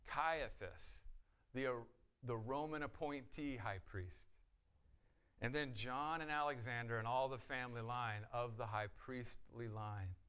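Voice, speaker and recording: A male pastor delivering a verse-by-verse sermon at an ordinary mid pitch. He talks with sudden bursts of loudness and pointed rhetorical questions. He briefly takes on the voices of the figures he quotes. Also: a little slow, clear, resonant tone. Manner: acts out the voices of the priests in quotes. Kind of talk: expository sermon.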